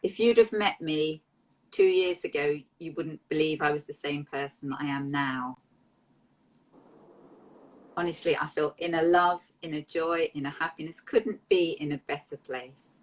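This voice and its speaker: A woman, an interview guest telling personal stories in a heartfelt, emotional, animated way. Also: sits low, a little slow, poor audio. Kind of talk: candid interview storytelling.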